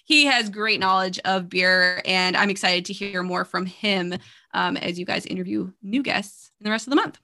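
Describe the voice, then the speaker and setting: A woman co-hosting a podcast in casual chat, chatty and quick to laugh. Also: mid-range voice, bright, forceful tone. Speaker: podcast co-host.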